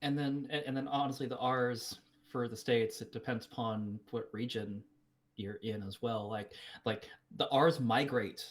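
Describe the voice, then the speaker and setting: A man co-hosts a podcast in casual chat. His voice sits at an average pitch, and he mostly chimes in with short, dry remarks. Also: steady tone, measured pace. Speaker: podcast co-host.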